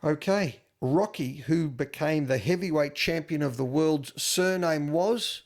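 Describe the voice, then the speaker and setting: A man in casual podcast banter, playing the teasing quizmaster. His voice sits a touch higher than most men's and has a gravelly edge. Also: measured pace. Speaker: podcast co-host running a trivia segment.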